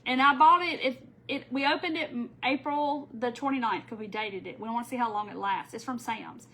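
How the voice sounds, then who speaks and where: A woman's voice: fairly high pitch, brisk, a bit bright, rough recording. A woman hosting a casual craft livestream, chatting and laughing with viewers by name while she works. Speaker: craft tutorial host.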